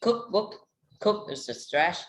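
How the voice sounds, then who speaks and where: An English student on a video call, reading words aloud haltingly and naming the stressed part of each word. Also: mid-range voice, pushed and bright. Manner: hesitant, halting learner English.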